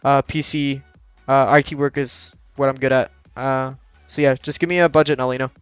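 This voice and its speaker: A man's voice: mid-range voice, little pitch movement, brisk, clean tone, no room sound, muffled recording, soft background music. A young man streaming and chatting casually, with crude sarcastic banter and a slight lisp. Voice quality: slight lisp from dry mouth. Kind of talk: casual chat while streaming.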